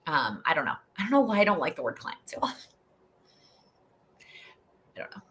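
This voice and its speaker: A woman's voice: deep voice, sing-song, normal speed, fairly bright tone. A young woman hosting a live Q&A stream, chatty and rambling, laughing often as she answers questions. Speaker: host.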